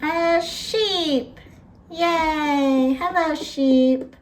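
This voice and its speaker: Slow sing-song woman teaching toddlers. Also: fairly high pitch, animated, a little hiss or hum. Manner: sing-song, imitating animal noises. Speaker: children's teacher. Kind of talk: slow toddler lesson with animal sounds.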